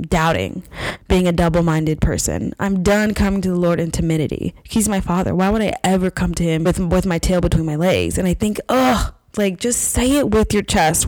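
Woman podcast host giving a faith pep talk, emphatic and animated, dry close mic. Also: dry recording, low-quality recording. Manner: emphatic and animated, swinging into high excited bursts. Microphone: podcast microphone.

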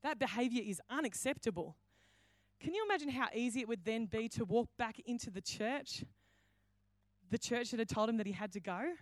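A woman pastor delivers her sermon with animated storytelling. Her voice sits fairly high and she slips into the voices of the people in her stories. The sound is dry and close. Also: a little fast, no room sound. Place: church hall.

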